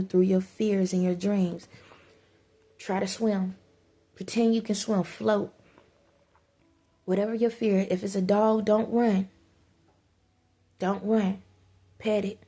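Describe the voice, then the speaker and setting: Woman vlogger, flat delivery, gravelly texture, urgent and repetitive spiritual pep talk. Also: mid-range voice. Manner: emphatic, repetitive urging, stumbles and restarts. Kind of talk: preachy spiritual advice monologue.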